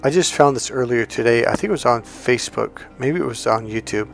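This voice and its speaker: Male self-help coach, casual to-camera monologue, rambling anecdotes with acted-out quotes, mid pitch, faint music underneath. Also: a little fast, vocal fry, hardly any pauses. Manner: rambling storyteller, restarts and acts out quotes.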